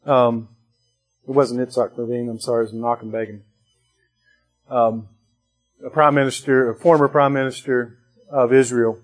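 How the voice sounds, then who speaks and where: A man's voice: medium pitch, fairly even intonation, normal speed, long pauses, soft background music. A man preaching a sermon to his congregation in a conversational way, with restarts and bursts of rising emphasis. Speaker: pastor.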